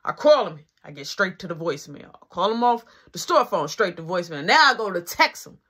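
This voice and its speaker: Bright-voiced man telling a story. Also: high-pitched, a little fast, slightly rough. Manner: animated storytelling, slangy, keeps checking in with the listener. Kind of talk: casual storytime vlog.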